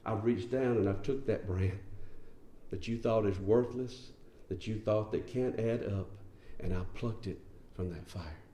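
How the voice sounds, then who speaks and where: A solemn, all-powerful God speaks low and hushed, as a preacher puts him on. The words come slow and deliberate in a mellow tone. The room around him rings with echo. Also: male voice, slight background noise, lightly acted.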